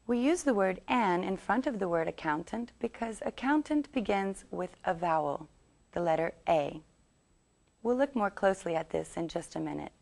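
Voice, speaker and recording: A woman teaching English, reading a scripted lesson and saying model sentences slowly for learners to repeat. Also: mid-range voice, creaky, darkish tone. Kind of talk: scripted language lesson narration.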